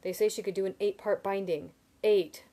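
A woman voicing an excitable young man who turns loud and shrill when alarmed. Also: normal speed, a little hiss or hum, lightly acted.

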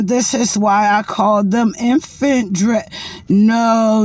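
A woman's voice: fairly high pitch, steady tone, very slow, vocal fry, darkish tone. A woman giving profane, mocking comedic roast commentary. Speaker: commentary vlogger.

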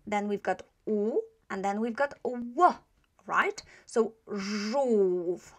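A woman's voice: medium pitch, slow pace. A woman teaching pronunciation. She repeats each sound patiently, spells letters aloud and keeps checking in with "right?". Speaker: language teacher. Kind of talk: slow pronunciation lesson.

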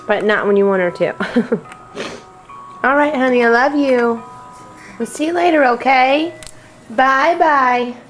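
A young woman with a high voice talks slowly to her baby in a home video. Her speech is sing-song, coaxing baby talk, full of repeated little phrases. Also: soft background music. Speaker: mother.

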